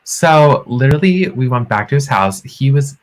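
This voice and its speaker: A man's voice: medium pitch, expressive, normal speed. A man co-hosting a podcast, telling a story animatedly and acting out the quotes in a raised voice. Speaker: podcast co-host. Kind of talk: casual storytelling chat.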